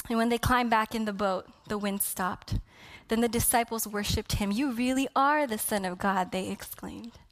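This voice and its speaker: A woman preaching a sermon with passion, dropping to a hush and then building to loud emphasis. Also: mid-range voice. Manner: impassioned, swinging from hushed to loud emphasis.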